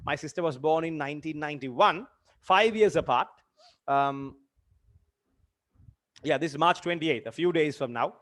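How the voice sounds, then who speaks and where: A young man in his twenties, a teacher telling a personal story in a lesson, earnest and halting with many fillers and repeated phrases. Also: on the high side, a bit bright. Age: 20s. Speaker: literature teacher.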